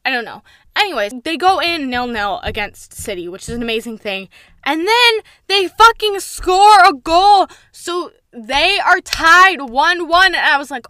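A woman's voice: high voice, very animated, a little slow, sharp tone, no echo, clean studio sound. A young woman hosting her own solo podcast, gushing and ranting as a fan, swearing for emphasis. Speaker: podcast host. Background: faint intro music at the end.

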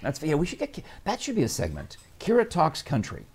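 A man's voice: on the high side, huge pitch swings, brisk, darkish tone, breathy edge. A middle-aged man hosting a casual chat show, talking in a playful, teasing way. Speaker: host.

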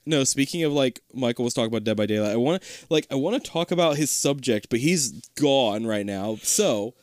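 A man co-hosting a podcast, talking in an animated, casual way with lots of swearing and laughter. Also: mid-range voice, a little fast, no echo, studio quality. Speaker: podcast co-host. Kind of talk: casual chat.

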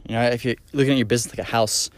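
A man's voice: medium pitch, fairly even intonation, racing, dry recording. A man hosting a solo podcast, talking casually and enthusiastically, with many fillers and restarts. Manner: enthusiastic, emphatic on key points. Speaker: podcast host.

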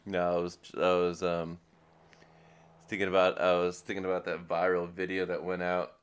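A man with a very low voice, co-hosting a laid-back podcast. He rambles through his stories, leaning on filler words as he goes. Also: monotone, moderate pace, slight background noise. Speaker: podcast co-host. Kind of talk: casual chat.

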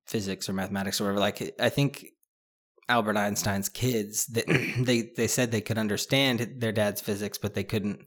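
A man with a fairly low voice talks through a book in loose, casual chat. He rambles and restarts often, leaning on fillers, then lifts into animated bursts. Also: normal speed. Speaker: podcast co-host discussing a book.

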